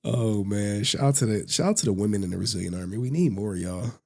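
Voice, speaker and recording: A man in his thirties hosting a casual live stream, talking in slang, laughing often and telling stories in an animated way. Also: fairly low pitch, quick pace, vocal fry. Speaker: streamer host.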